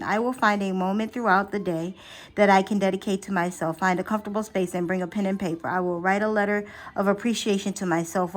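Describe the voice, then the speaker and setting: A woman's voice: medium pitch, a little hiss or hum. A chatty woman giving an affirming reading. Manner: chatty and affirming, slipping into slow, soft affirmations; repeats and restarts phrases as she thinks aloud. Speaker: astrology and tarot reader. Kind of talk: casual spiritual reading vlog.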